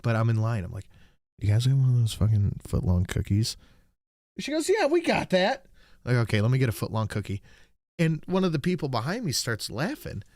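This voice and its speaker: A man's voice: mid-range voice, a little fast, dry recording, clean studio sound. A man hosting a podcast, telling stories in casual, profane chat, laughing often. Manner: animated storyteller, laughs often, reads chat aloud. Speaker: podcast host.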